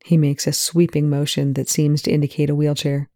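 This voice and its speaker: Gravelly, dark-toned audiobook reader. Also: medium pitch, flat delivery, brisk, no echo, clean studio sound. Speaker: audiobook narrator. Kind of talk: audiobook reading of fan fiction.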